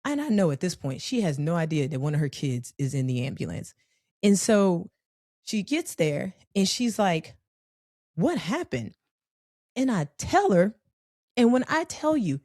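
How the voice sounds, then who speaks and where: A woman telling a personal story in a conversational, animated way, with frequent profanity. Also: mid-range voice, dry recording, clean studio sound.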